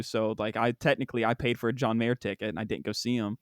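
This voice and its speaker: A man's voice: mid-range voice, animated, brisk, few pauses, no echo, clean studio sound. A young man hosting a casual podcast, rambling with many fillers, saying "bro" a lot and laughing often. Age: young adult. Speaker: podcast host.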